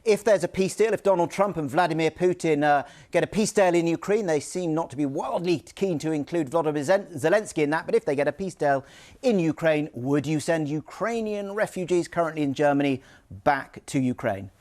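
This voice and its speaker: A male news presenter with a slightly high voice puts pointed questions to a guest. He presses hard and cuts in when the answers run long. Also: fairly quick, a little mellow. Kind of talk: studio news interview.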